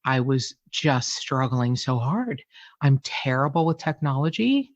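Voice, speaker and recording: A woman's voice: rumbling low, very animated, unhurried, no echo, dull audio. A woman who hosts a true crime podcast, talking as a guest in a candid interview, frank and emotional, self-deprecating and swearing casually.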